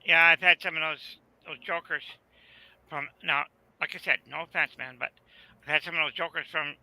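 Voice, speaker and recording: A man's voice: a little high, steady tone, normal speed, bright, forceful tone, no room sound, poor audio. A man from Arizona, telling rambling folksy stories in a casual video chat. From Arizona, USA. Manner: rambling storyteller, folksy, repeats "right there".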